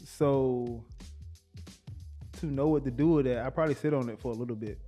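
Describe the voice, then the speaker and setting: A man's voice: medium pitch, moderate pace, dark tone, soft background music. A young man co-hosting a casual podcast with his partner, laid-back and laughing, with a Black way of talking. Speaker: podcast co-host. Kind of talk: casual couple chat.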